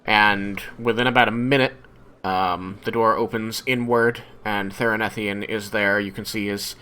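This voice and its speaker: A man narrating as game master of a tabletop game, relaxed and quick to laugh. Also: lowish voice, clean tone.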